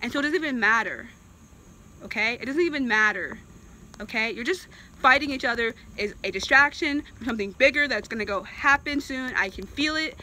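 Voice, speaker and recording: Against a noisy background, a Virginia woman in a vlog goes on an impassioned opinion rant. Exasperated and emphatic, she repeats herself for emphasis in a slightly high voice.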